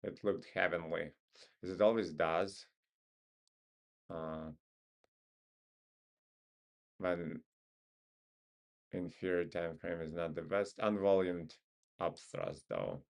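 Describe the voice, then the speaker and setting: Man with a Russian accent, deep gravelly voice, unhurried, offhand trading commentary. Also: fairly even intonation. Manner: laid-back, muttering to himself, joking. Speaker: stock market streamer.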